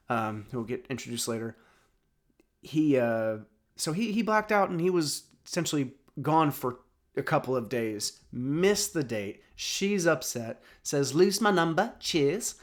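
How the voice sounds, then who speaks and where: A man's voice: medium pitch, animated, a little slow. A man in his thirties giving a casual spoken recap of a TV episode, rambling with lots of fillers and restarts. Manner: rambling, many fillers and restarts, chuckles often. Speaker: film and TV reviewer.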